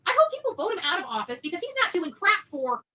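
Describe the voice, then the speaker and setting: A woman's voice: very high-pitched, very animated, fast talker, bright, forceful tone, poor audio. A woman livestreamer delivering a heated, swearing rant of commentary. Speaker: livestream host.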